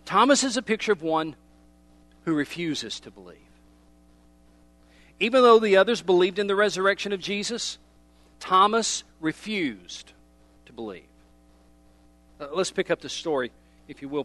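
A middle-aged man preaching a sermon as a pastor, emphatic, swinging between loud stresses and hushed, drawn-out phrases. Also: high voice.

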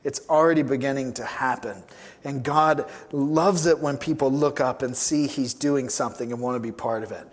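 A man's voice: mid-range voice, moderate pace. Emphatic man preaching a sermon. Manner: emphatic, repeats key phrases. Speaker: pastor.

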